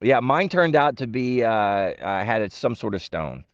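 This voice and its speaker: A middle-aged man, a retired Marine, casually telling stories and acting out the voices of the people in them, with sudden jumps in pitch and laughter. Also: measured pace, no echo, dull audio. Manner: animated, acts out quotes with big pitch jumps and laughs. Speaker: interview guest, retired Marine. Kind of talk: casual storytelling.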